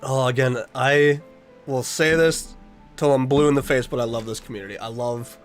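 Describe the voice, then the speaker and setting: A man's voice: mid-range voice, steady tone, moderate pace, soft background music. A young man streaming a casual chat with his viewers, earnest and rambling as he reads their messages aloud.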